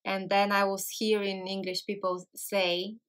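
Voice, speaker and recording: A woman's voice: medium pitch, level tone, a little slow, a bit bright, clear, resonant tone. A woman from Bulgaria, a native Bulgarian speaker talking in English with a Bulgarian accent, chatting casually to camera and often searching for words and correcting herself. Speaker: language channel host.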